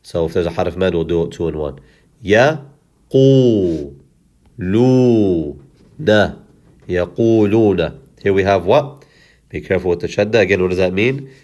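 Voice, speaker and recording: Man, lowish voice, patient reading teacher, drawn-out syllables, repeats words. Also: darkish tone. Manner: self-correcting, apologetic asides. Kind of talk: step-by-step reading lesson.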